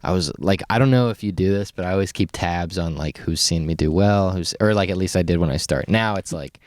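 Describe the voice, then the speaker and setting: A man's voice: low voice, brisk, no echo, clean studio sound. A man co-hosting a comedy podcast, cutting in with teasing quips and laughter. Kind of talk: casual chat.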